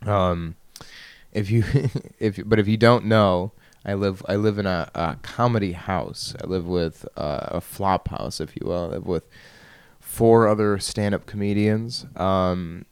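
A man's voice: low voice, measured pace, clear, resonant tone, dry recording. A young man in his twenties, from Michigan, hosting a solo podcast from his bedroom, rambling with frequent laughs and self-deprecating asides. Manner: self-deprecating, laughs often, trails off and restarts. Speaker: podcast host. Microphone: studio microphone at a computer.

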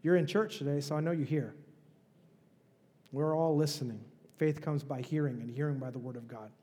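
A man's voice: a little high, moderate pace, mellow, long reverb tail. A male pastor preaching a sermon in a conversational, emphatic way, with rhetorical questions. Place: church.

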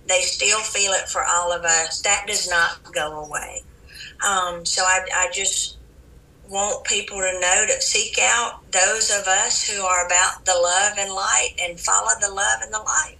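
A Southern American woman, a psychic medium as a podcast guest, talking in an earnest, gentle spiritual way with frequent restarts. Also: medium pitch, steady tone, measured pace, gravelly. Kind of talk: casual interview talk. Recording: echoey room, distant from the mic.

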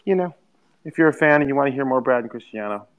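A man's voice: mid-range voice, expressive, quick pace, narrow, tinny audio. A man hosting a podcast, talking in a loose, rambling way with plenty of fillers. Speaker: podcast host. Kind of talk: casual chat.

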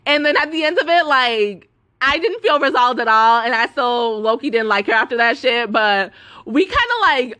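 Young woman ranting on her podcast, cussing a lot, high bright voice. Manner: cussing, heavy filler "like", quotes others in put-on voices. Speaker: podcast host. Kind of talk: casual rant.

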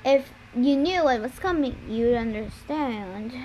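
A woman reading a storybook aloud and voicing a smooth, persuasive young villain in close to her own voice. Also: a little high, expressive, measured pace, dark tone, slight background noise.

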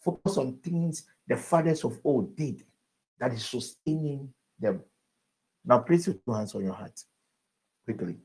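A pastor at an evening service, earnestly exhorting the congregation and leading prayer. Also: male voice, medium pitch, expressive, a little slow, darkish tone, low-quality recording.

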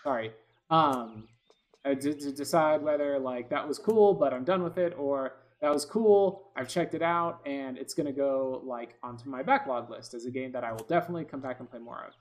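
A man's voice: medium pitch, normal speed. A man giving casual gameplay commentary, rambling with lots of fillers and restarts, often frustrated. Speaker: gaming video host.

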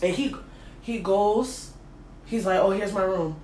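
A woman hosting a casual chat and telling a lively, slangy story about a date. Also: medium pitch, measured pace, echoey room, a little hiss or hum. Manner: animated, slangy, laughing storyteller. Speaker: host.

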